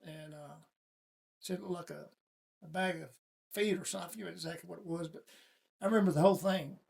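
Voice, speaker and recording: A man's voice: on the high side, steady tone, quick pace, vocal fry, darkish tone, husky. A middle-aged man telling a personal story in a casual, folksy interview. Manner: folksy, plain-spoken storyteller. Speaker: guest.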